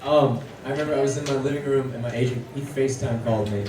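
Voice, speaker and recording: A man's voice: mid-range voice, fairly even intonation, quick pace. A man, an actor on a convention panel, telling a short story. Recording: echoey hall from far off, loud noise.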